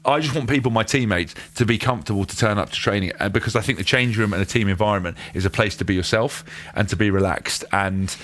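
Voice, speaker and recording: Brief: English man, thirties, bright and animated podcast co-host. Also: fairly low pitch, fast talker, hardly any pauses. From England. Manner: animated, jokey, self-interrupting. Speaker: podcast co-host, former rugby player. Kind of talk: casual chat.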